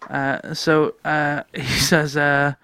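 A man's voice: a little high, little pitch movement, takes it slowly, sharp tone, clear, resonant tone, no echo. A man co-hosting a casual podcast, who tells anecdotes and laughs often as he goes. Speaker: podcast co-host.

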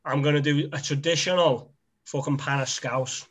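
Sweary man, higher voice. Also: steady tone, moderate pace. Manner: sweary, mocking. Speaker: podcast co-host. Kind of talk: casual banter.

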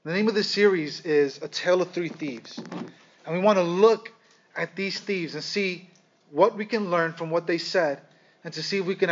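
A man preaching a sermon, speaking with dramatic pauses and calling his listeners "guys". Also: a little high. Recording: slightly dull lo-fi sound.

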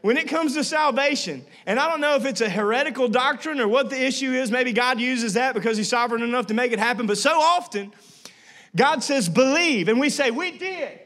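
A man in his thirties preaches a sermon with a notably high-pitched voice. He tells stories with playful humor, acting out little voices along the way. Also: brisk. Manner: animated storytelling with playful asides and acted-out voices. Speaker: pastor.

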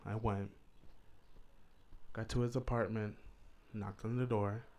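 A man's voice: on the low side, little pitch movement, slow, darkish tone. Crude, joking young man telling a story. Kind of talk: casual storytime vlog.

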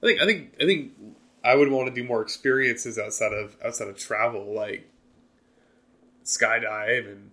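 A man's voice: medium pitch, bright, forceful tone. A young man co-hosting a podcast who asks the questions and playfully teases his friend. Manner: playful, teasing, quick to push back. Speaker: podcast co-host. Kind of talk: casual chat.

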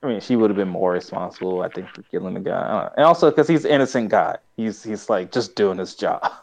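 A man's voice: fairly low pitch, quick pace, vocal fry, a little mellow. A man co-hosting a podcast in casual chat, rambling through a show recap with lots of fillers and frequent laughs. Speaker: podcast co-host.

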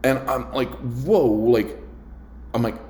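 A man's voice: on the low side, moderate pace, darkish tone, a little hiss or hum. A man, a restaurant server, telling a story in a casual, rambling way, full of filler words and restarts. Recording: echoey room.

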